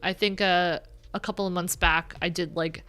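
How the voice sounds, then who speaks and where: A woman's voice: lowish voice, steady tone, moderate pace, a bit bright, clean tone, soft background music. A woman with a nasal voice chatting casually on her livestream, rambling and joking at her own expense. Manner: chatty, rambling, self-deprecating. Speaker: livestream host.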